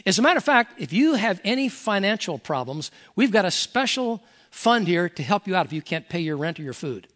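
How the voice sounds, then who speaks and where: A man's voice: high-pitched, very animated, brisk, fairly bright tone. An older man, a pastor emeritus, preaching a folksy, earnest sermon and reading scripture aloud.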